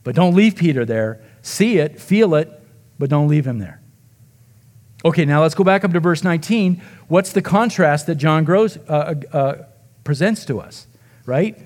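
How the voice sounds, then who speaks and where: A pastor with a slightly high, animated voice preaches at a moderate pace, retelling the story dramatically. He voices the characters he quotes and lowers almost to a hush at moving points.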